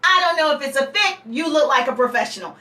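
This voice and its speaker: A woman seminar coach with a high, bright, ringing voice teaches networking scripts to a live audience. She talks with energy, acting out both sides of a conversation and throwing in teasing asides. The sound is roomy and echoey, caught from some distance off the mic. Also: lively intonation, fast. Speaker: business coach.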